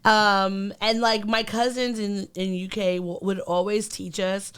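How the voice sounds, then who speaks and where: A woman co-hosts a podcast in a smooth, clear voice. She talks in an earnest, reflective way, with plenty of ums and likes as she thinks aloud. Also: medium pitch, flat delivery, unhurried, fairly bright tone. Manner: earnest, reflective, many fillers like um and like. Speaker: podcast co-host. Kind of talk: casual podcast chat.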